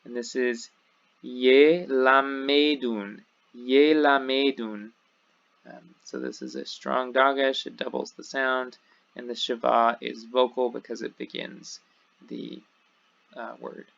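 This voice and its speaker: A man's voice: medium pitch, gravelly, a bit bright. A man teaching a recorded online lesson, explaining step by step and saying each word twice. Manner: slow, explains step by step, repeats words twice. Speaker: Hebrew teacher. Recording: dull lo-fi audio.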